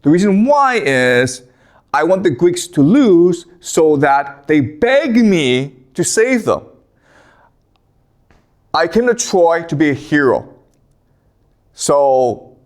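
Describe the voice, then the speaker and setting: A man voicing a proud, sulking male warrior hero in a petulant, drawn-out way while retelling a story. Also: fairly high pitch.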